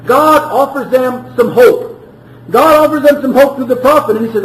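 A man's voice: extremely high pitch, normal speed, roomy sound, rough recording. A man preaching a sermon in an earnest way, often repeating words and rising as he pleads.

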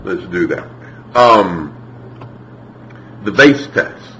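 A man preaching a sermon, telling lively stories and acting out the people in them. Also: deep voice, drawn-out words. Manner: animated storytelling, acts out quotes. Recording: echoey room, from far off.

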